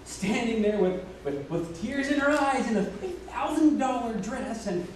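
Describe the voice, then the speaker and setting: An actor on stage playing a wistful, musical-loving man who talks to the audience in a chatty, halting way. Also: very high voice, expressive, slight background noise. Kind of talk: stage monologue. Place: theater stage. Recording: distant echoey stage recording.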